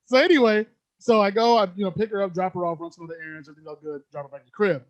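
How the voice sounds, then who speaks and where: Fast-talking high-voiced man telling stories. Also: dry recording, muffled recording. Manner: animated, slangy, laughs often. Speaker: podcast co-host. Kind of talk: casual storytelling chat.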